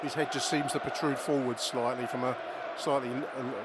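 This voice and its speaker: Chatty man among a loud stadium crowd. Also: mid-range voice, level tone, a little fast. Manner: chatty, opinionated, swears, addresses listeners directly. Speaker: podcast host doing live match commentary. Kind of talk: casual in-stadium football commentary. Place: football stadium stands, outdoors. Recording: noisy crowd stadium recording.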